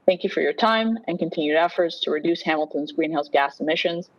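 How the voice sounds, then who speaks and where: A woman delivers a formal prepared statement to a committee in a measured tone. The sound comes through a remote call and is dull and lo-fi. The audio is dry, with no room echo. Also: low voice. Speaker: delegate from an advocacy group.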